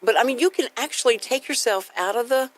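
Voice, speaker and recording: A woman's voice: fairly high pitch, fast, low-quality recording. A woman hosting a radio talk show, telling anecdotes and acting out the voices in them. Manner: animated storyteller, acts out voices in anecdotes. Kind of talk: casual radio chat.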